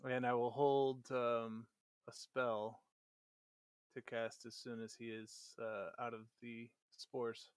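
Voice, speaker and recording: A man taking his turn as a player in a tabletop game, unhurried and hesitant. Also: medium pitch, level tone, clear, resonant tone, no room sound, clean studio sound.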